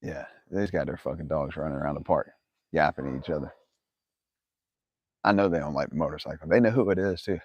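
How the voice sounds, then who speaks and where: Deep-voiced profane man streaming live. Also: fast, pauses often, breathy edge, no room sound, dull audio. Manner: profane, rambling, laughs often. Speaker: livestream host. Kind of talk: casual livestream chat. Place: outdoors in his yard. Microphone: phone camera.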